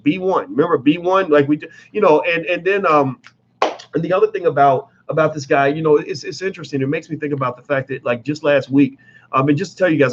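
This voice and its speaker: A man's voice: fairly high pitch, lo-fi sound. A man giving blunt, emphatic commentary in a casual vlog, talking straight to his viewers with plenty of profanity.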